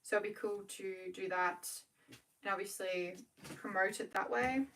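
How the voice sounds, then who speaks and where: A woman's voice: mid-range voice, fairly bright tone, recorded from a distance, a little hiss or hum, low-quality recording. Chatty Australian woman, a bit off-mic. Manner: chatty, quick, self-correcting while working. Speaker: small business owner livestreaming. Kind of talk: casual livestream chat.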